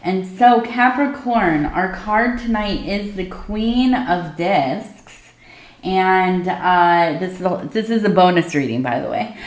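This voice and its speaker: A woman giving an ASMR tea leaf reading, talking softly and meandering with many fillers. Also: fairly low pitch, expressive, slow, roomy sound.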